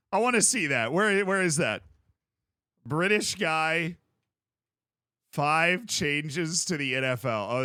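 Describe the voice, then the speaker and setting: Bright, chatty streamer man. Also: fairly high pitch, dry recording, clean studio sound. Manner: rambling, chatty, with frequent restarts. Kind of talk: casual livestream chat.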